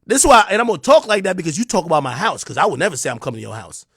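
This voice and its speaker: Brief: New Jersey man, livestream host, confrontational rant, high lively voice, dry close sound. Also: racing, gravelly, breathy edge, dry recording. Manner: taunting, confrontational, swings between loud and low. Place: home streaming room.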